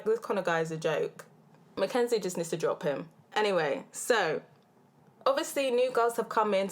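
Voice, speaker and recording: A British woman in her own casual recap channel, talking fast and freely in slang. She is blunt and animated, openly exasperated with the people on screen. Her voice sits at an ordinary middle pitch, recorded close on a small handheld recorder. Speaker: reality TV recap host. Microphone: handheld field recorder.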